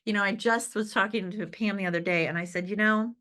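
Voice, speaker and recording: A woman gives an upbeat motivational talk in an easy, conversational way. She keeps checking in with her listeners and laughs easily. Her voice sits at an ordinary middle pitch. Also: steady tone, fast talker, fairly bright tone. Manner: upbeat and conversational, often asks "right?" and "okay?". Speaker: direct-sales team leader giving a motivational talk.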